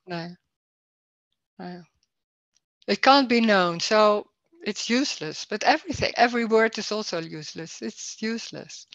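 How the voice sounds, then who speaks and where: A woman hosting a spiritual talk on a video call, searching haltingly for words with many restarts. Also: mid-range voice, a bit bright, no echo, dull audio. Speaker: non-duality talk host. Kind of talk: casual spiritual conversation over video call.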